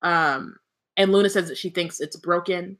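A woman's voice: fairly low pitch, normal speed, fairly bright tone. A woman co-hosting a book podcast, reading passages aloud between casual, joking chat peppered with swearing and laughter. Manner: laughs often, swears, many "um" fillers. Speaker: podcast co-host reading the chapter.

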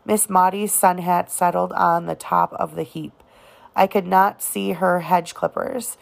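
A woman reading a novel aloud as audiobook narration, in a measured, unhurried manner. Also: on the low side, fairly even intonation, gravelly. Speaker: reader.

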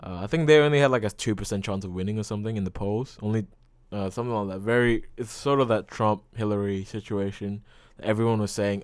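A man's voice: fairly low pitch, a little fast, few pauses, clean tone, dry recording. A young man hosting a casual solo podcast, rambling loosely with lots of fillers and frequent swearing. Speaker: podcast host.

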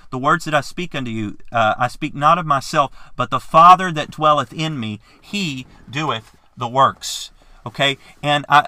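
A man's voice: on the high side, bright, forceful tone, dry recording, studio quality. A man teaching a Bible lesson in an earnest, fervent way, often stumbling and restarting his phrases.

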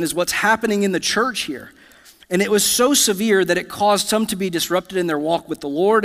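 A man in his thirties, a pastor from the United States, preaching a conversational sermon to a church congregation and telling personal stories with asides to the room. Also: high-pitched. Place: church sanctuary. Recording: long hall reverb.

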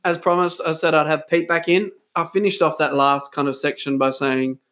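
A man's voice: on the high side, fairly even intonation, normal speed, loud music behind the voice. Chatty man hosting a church podcast. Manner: chatty, teasing, laughs often. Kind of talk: casual chat.

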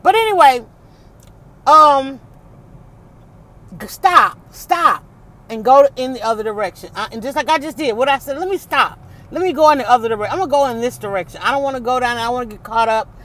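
A woman's voice: sits high, expressive, fast, fairly bright tone. A middle-aged woman podcast host talking casually to viewers while driving, rambling and chatty, calling them y'all. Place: in a car on city roads.

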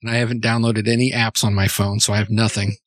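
A man's voice: lowish voice, level tone, fast, no echo. Guy playing a tabletop rpg, rambly and joking, keeps restarting, dry close mic. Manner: rambling, playful, many restarts. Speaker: player. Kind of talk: playing a tabletop role-play game.

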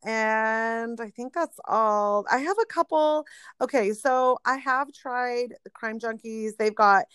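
A woman's voice: on the high side, slow, a bit bright, clear, resonant tone, no room sound. A middle-aged woman chatting casually as a podcast co-host, often trailing off and restarting. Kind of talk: casual chat recommending podcasts.

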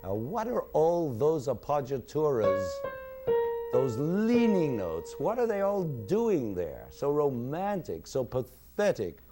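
A man giving a university music lecture in a hall, expressive and singing examples at the piano. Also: a little high, slow pace.

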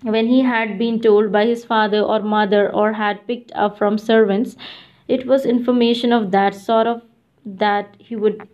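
A woman's voice: medium pitch, a little mellow. Woman narrating a novel, muffled lo-fi. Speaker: audiobook narrator. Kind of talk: scripted narration. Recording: dull lo-fi audiobook recording.

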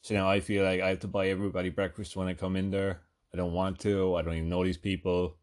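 A man's voice: low-pitched, little pitch movement, fast, a little mellow. A man hosting a podcast, telling a rambling comedic story full of swearing and fillers. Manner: rambling, profane, lots of fillers. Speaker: podcast host.

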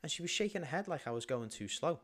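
A man's voice: a little high, animated, quick pace, fairly bright tone. A man co-hosting a podcast in casual chat, ranting and swearing freely. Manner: profane, ranting. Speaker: podcast co-host.

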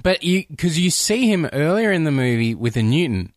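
Aussie guy on a film podcast, excited, does little voices for the quotes, dry close mic. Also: moderate pace, no echo. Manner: enthusiastic, acts out quoted lines in a lowered voice. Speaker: podcast co-host. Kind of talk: casual film discussion.

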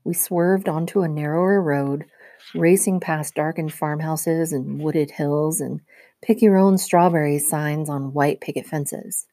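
A woman teacher reading a novel aloud to her class with steady storytelling narration. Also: low-pitched, measured pace, no room sound.

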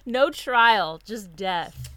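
A woman co-host in easy, casual conversation, her voice close and dry with no room around it. She retells events with energy, slipping into little acted-out voices, at a pitch that sits right in the middle for a woman. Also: extremely slow, clear, resonant tone, no room sound. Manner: animated retelling with acted-out quotes. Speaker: podcast co-host. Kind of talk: casual chat.

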